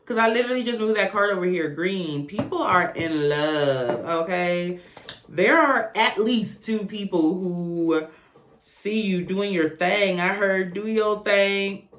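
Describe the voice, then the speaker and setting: A woman giving a casual tarot reading to camera, chatty and animated, with blunt, profane asides. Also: fairly low pitch, unhurried, echoey room. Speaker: tarot reader.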